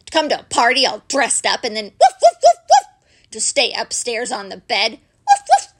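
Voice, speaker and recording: A woman's voice: fairly high pitch, fairly quick, bright, forceful tone, breathy edge. A woman putting on a yapping rude little dog. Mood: rude, boastful. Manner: barks between every few words. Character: loud boastful rude little male dog.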